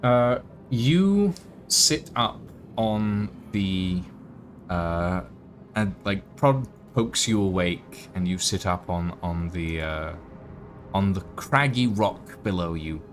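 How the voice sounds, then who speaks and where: A man narrating a tabletop game as game master, relaxed, with frequent fillers. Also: low voice, takes it slowly. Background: background music.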